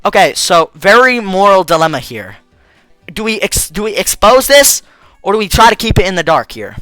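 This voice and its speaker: A man's voice: high-pitched, big pitch swings, normal speed, bright, forceful tone, no echo, faint music behind. A young man casually commenting over a video game he's playing, with joking, slangy, crude asides. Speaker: let's play host.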